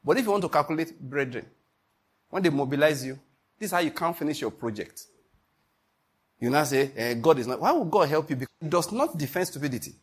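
A pastor preaching an emphatic sermon, often asking the congregation if they follow. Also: male voice, fairly high pitch, animated, brisk, husky.

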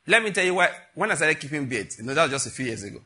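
A pastor preaches in a voice that's a little high and slightly rough, speaking rapid-fire. His sermon stories are animated, and he performs the voices of the characters in them.

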